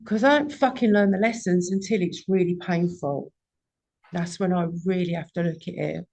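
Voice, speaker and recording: A woman's voice: on the low side, moderate pace, creaky, a little mellow. A woman in her forties giving a raw, candid personal testimony at a recovery meeting and swearing often.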